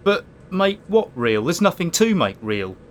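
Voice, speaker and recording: An actor playing a sceptical, deadpan man who needles the others with dry, sardonic questions. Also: a little high, measured pace. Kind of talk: sitcom acting.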